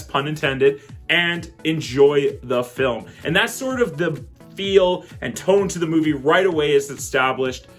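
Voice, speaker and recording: An enthusiastic man talks through a movie review in a relaxed, chatty way, laughing as he goes. His voice sits a little higher than most men's, and faint music plays underneath. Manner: excitable and chatty, laughs often. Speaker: film reviewer.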